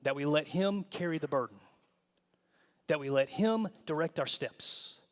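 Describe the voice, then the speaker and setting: Animated man preaching in a reverberant church. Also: fairly high pitch, a little slow. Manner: animated, acts out quoted voices with humor. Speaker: pastor. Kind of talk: sermon. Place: church sanctuary. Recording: long hall reverb.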